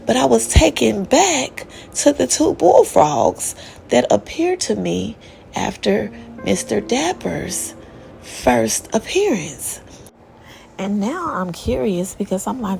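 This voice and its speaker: A woman's voice: fairly high pitch, sing-song, takes it slowly, creaky, darkish tone, faint music behind. A woman telling a personal spiritual story in a casual, candid and profane way.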